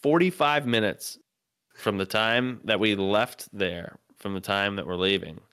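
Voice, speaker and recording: A man's voice: on the low side, a little slow, fairly bright tone, clear, resonant tone. A young man from North Carolina, a comedian co-hosting a podcast, telling a rambling, profane story with lots of filler words. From North Carolina, USA. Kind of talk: casual storytelling.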